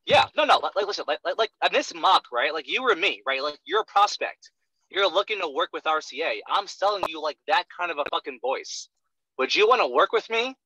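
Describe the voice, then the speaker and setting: A young man coaches a sales trainee in a blunt, profane rush, hammering each point and checking in with "right?" again and again. His voice sits a little high and very bright, and the dry, close sound comes through a dull lo-fi recording. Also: big pitch swings, fairly quick, breathy edge, no room sound. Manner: profane, emphatic, keeps asking "right?". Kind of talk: blunt one-on-one coaching talk.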